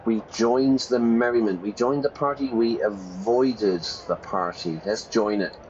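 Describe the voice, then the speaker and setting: A man with a lowish voice reads a game's narration aloud for English learners, pausing in a playful way to gloss words and fix his own slips. The sound is a little dull and lo-fi, with a faint hiss behind him. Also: darkish tone. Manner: playful, pauses to gloss vocabulary and self-correct. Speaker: English teacher streaming a game. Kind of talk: reading game text aloud and explaining words.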